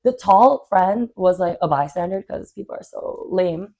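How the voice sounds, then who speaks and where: A woman's voice: fairly low pitch, measured pace. Blunt, chatty young woman telling a story. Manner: animated, filler-heavy, blunt and swearing. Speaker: podcast co-host. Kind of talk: casual storytelling chat.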